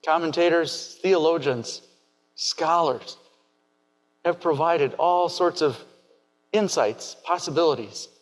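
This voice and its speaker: A man preaching a sermon in a measured, questioning way. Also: fairly high pitch, big-room sound.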